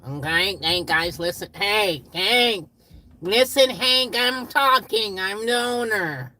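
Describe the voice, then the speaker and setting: A man's voice: medium pitch, moderate pace, sharp tone. A man putting on the voice of a bossy male shop owner who stammers and rants at his staff. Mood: ranting. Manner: ranting, shrieking, stammering in anger.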